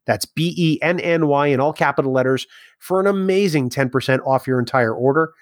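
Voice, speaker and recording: A male podcast co-host in friendly, teasing chat, stumbling over small fillers now and then. His pitch sits in an ordinary middle range. The sound is close and dry, with no echo. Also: brisk.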